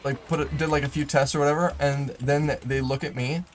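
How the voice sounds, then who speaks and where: A man's voice: on the high side, fairly even intonation, a little fast, slight background noise. A young man telling a rambling personal story while playing a game, full of fillers, restarts and sudden in-game remarks. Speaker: gaming YouTuber. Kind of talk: storytelling over live gameplay.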